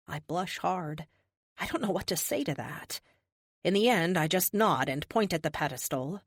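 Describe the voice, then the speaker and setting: A woman narrating a first-person audiobook in an expressive, youthful, wry manner. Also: on the low side, normal speed, slightly rough, no room sound, clean studio sound.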